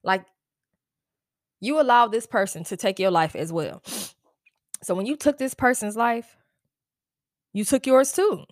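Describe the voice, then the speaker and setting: A woman's voice: a little high, animated, a little slow, pauses often, dry recording, clean studio sound. Blunt, exasperated woman podcast host. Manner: blunt, exasperated, profane, with frequent "like" fillers. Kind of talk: casual solo podcast rant.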